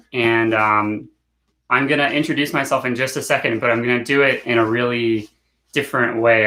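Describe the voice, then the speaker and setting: A man teaching an online hand drumming workshop, relaxed and encouraging, and chanting phrases in rhythm. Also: mid-range voice. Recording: echoey room with drumming.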